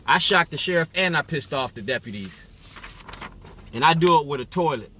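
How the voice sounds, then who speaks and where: A man's voice: a little high, animated, normal speed, pushed and bright, slight background noise. A man from Illinois speaking straight to camera in an emphatic monologue. He keeps asking "you feel me?". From Waukegan area, Illinois, US. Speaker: activist.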